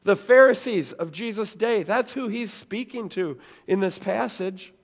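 A man preaching a sermon as a pastor, animated and acting out the voices he quotes. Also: high voice, a little slow, big-room sound.

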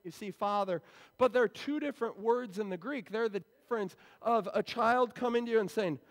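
A man's voice that sits high and moves fairly quickly belongs to a pastor preaching in a church sanctuary. He explains scripture in a conversational tone, and the church hall adds long reverb.

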